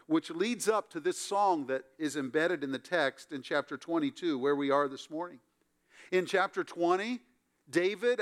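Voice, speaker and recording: Male pastor giving a sermon, slightly high, smooth voice, lively storytelling with wry asides.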